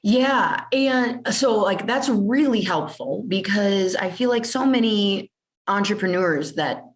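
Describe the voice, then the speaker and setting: A woman's voice: mid-range voice, lively intonation, slow pace. A woman hosting a podcast interview, talking casually with frequent fillers and restarts. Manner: chatty, with lots of "like" fillers and restarts. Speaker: podcast host.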